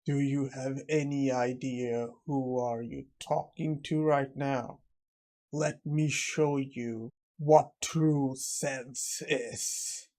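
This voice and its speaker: Cold young necromancer, confident and calm , read by a man, low-key, dark tone; recap storybook hero. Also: extremely slow.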